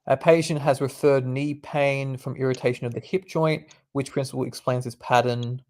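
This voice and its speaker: A man's voice: mid-range voice, steady tone, moderate pace, darkish tone. A young man, a medical student, reading quiz questions aloud and explaining the answers in a laid-back, casual way. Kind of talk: casual quiz study session.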